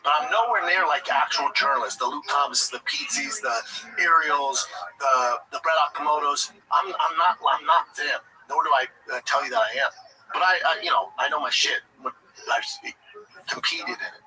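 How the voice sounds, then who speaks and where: A man's voice: a little high, moderate pace, pushed and bright, low-quality recording. A man hosting a livestream, delivering a blunt, profane, indignant rant about a sport. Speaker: livestream host. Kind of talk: heated commentary rant.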